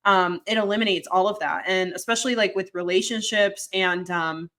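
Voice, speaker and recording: Bright-voiced young woman podcast co-host. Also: mid-range voice, normal speed. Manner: chatty, fillers like "like" and "um". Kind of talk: casual chat.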